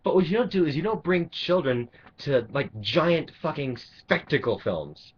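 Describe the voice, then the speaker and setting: A vlogger launches into an angry, sarcastic rant to camera, full of profanity and rambling restarts. His voice is husky and a little high, very animated but at a measured pace, and the recording is dull and lo-fi.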